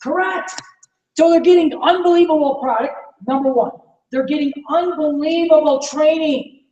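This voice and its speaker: A man's voice: very high voice, moderate pace, a little mellow, lo-fi sound. A man leading a live sales training talk, enthusiastic and persuasive, asking the room questions. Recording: echoey room from far off, faint noise.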